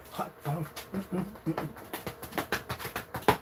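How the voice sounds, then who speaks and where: A man casually demonstrating a projection screen on a vlog, excited and rambling, boasting about his product. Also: moderate pace, pauses often, background noise. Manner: sings snatches of a tune in a high voice.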